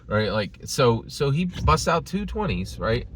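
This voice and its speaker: Animated man ranting with lively pitch. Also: a little slow, background noise. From United States. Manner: animated, emphatic, acts out quoted voices, keeps asking "right?". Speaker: commentary vlogger. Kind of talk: casual storytelling rant.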